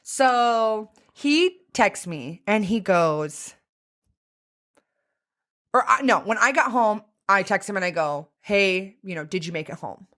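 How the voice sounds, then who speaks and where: A young woman co-hosting a podcast, telling a dating story in a candid, profane, animated way. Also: mid-range voice, takes it slowly. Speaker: podcast co-host. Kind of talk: casual chat, storytelling.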